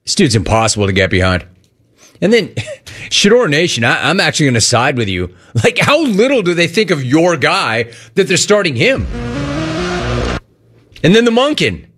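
A male sports radio host tearing into a subject with biting sarcasm. His voice sits a little high and swings widely in pitch as he mocks and scolds. He talks in a talk-radio rant. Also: moderate pace, slightly rough. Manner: sarcastic, mocking, animated.

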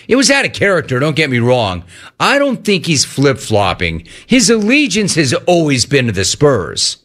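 A man hosting sports talk radio, reading listener messages in an animated, quick delivery. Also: fairly high pitch.

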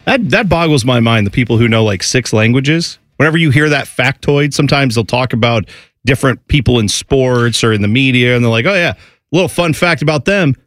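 A man's voice: medium pitch, a little fast, fairly bright tone, no room sound, clean studio sound. A man co-hosting a casual chat show, talking animatedly and often slipping into mimicked voices. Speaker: co-host.

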